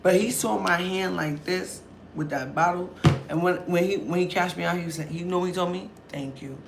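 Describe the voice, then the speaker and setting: Over a noisy background, a woman with a lowish, fried voice narrates a story at a moderate pace for her vlog. Her delivery is lively and profane, full of impressions of the people involved.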